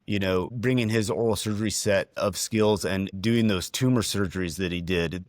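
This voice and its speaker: A man's voice: fairly low pitch, no room sound, clean studio sound. A middle-aged man, a dentist co-hosting a podcast, speaking in an earnest, heartfelt and emotional way with frequent restarts. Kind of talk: reflective podcast conversation.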